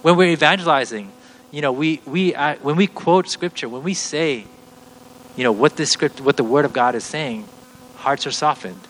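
A man's voice: a little high, moderate pace, fairly bright tone, slight background noise, poor audio. A middle-aged man teaching a sermon, earnest and explaining step by step, often restarting his sentences. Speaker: preacher.

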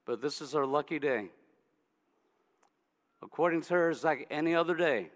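A man preaching a sermon, animated and acting out scenes from his story. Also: a little high, moderate pace, long reverb tail.

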